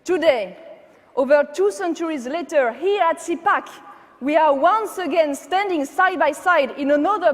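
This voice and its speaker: Impassioned French-accented woman orator. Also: sits high. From France. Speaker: conference speaker. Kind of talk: political speech. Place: large conference hall. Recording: long hall reverb.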